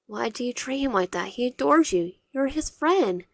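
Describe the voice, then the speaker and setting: A woman's voice: mid-range voice, moderate pace, no room sound, clean studio sound, close to an everyday voice. A woman voicing a frightened teenage protagonist who pushes back in a raised voice. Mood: alarmed. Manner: alarmed, raised voice.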